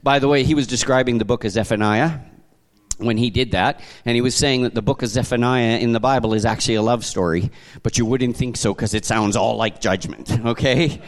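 A man from Canada preaching to a congregation, telling stories in a conversational, animated way with frequent restarts. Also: medium pitch, fairly quick. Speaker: pastor. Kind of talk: sermon.

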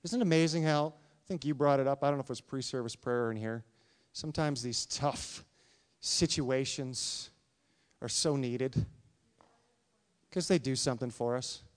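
A man preaching a sermon, reading scripture and asking the congregation questions in an animated, conversational way. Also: medium pitch, moderate pace, long pauses, no room sound. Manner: animated, talks to congregation with questions, acts out quotes. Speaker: pastor.

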